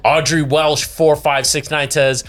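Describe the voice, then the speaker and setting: A man's voice: on the high side, little pitch movement, unhurried, a bit bright, soft background music. A man hosting a podcast, tipsy, laughing often and chatting while he reads viewer comments aloud. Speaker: podcast host. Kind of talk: casual podcast chat.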